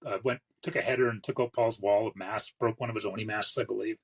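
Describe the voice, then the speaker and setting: A man with a husky, slightly rough voice tells one shop anecdote after another at a brisk clip. He rambles casually and acts out other people's lines as he goes. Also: fairly low pitch, steady tone, poor audio. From western Canada. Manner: rambling, quick anecdotes with acted-out quotes. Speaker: tattooer guest. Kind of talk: casual storytelling.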